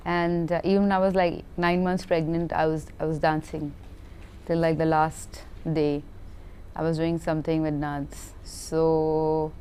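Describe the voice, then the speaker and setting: A woman actress, telling stories in an animated, laughing interview chat and often repeating words. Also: deep voice, a little hiss or hum. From India. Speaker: film actress.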